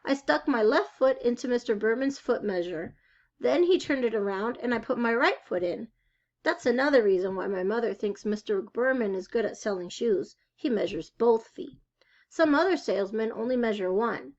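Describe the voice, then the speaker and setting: A woman reads a children's novel aloud, telling the story expressively. Her voice sits a touch high. The sound is somewhat muffled and dull. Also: animated, moderate pace, a little mellow. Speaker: reader.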